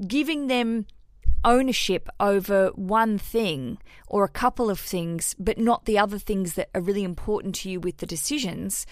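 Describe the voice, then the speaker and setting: A woman's voice: mid-range voice, moderate pace, no room sound, studio quality. A woman hosting a podcast and giving casual, frank wedding advice, swearing freely and putting on voices to quote people. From Australia. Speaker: podcast host answering listener questions.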